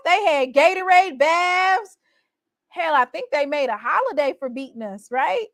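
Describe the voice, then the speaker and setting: A woman recapping her team's college football season in a casual, boastful, teasing way, with animated exclamations. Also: sits high, a little slow, no room sound. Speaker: college football fan vlogger. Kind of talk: casual trash-talking recap.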